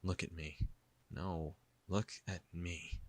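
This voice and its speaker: A man's voice: sits low, normal speed, a bit bright, dry recording. A man playing a cold, possessive cat boy. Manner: cold, demanding.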